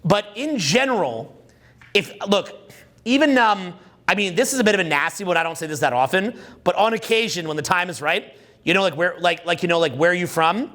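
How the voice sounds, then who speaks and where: High-voiced, crude joking seminar man. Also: lively intonation, a little fast, fairly bright tone. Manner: crude, joking, quizzes the audience. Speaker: dating coach. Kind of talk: live seminar talk.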